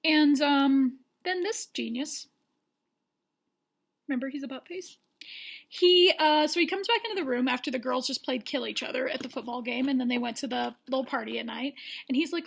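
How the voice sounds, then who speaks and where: A young woman rattles through a comedic TV recap in a high voice. Her tone carries a gravelly edge. She is animated and keeps breaking into shouted or hushed impressions. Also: normal speed. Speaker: recap vlogger.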